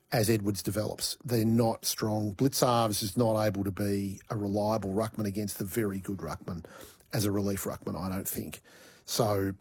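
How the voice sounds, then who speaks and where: A man's voice: lowish voice, darkish tone, breathy edge. A man giving opinionated football analysis on talk radio. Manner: opinionated, trails off and restarts. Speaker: football commentator.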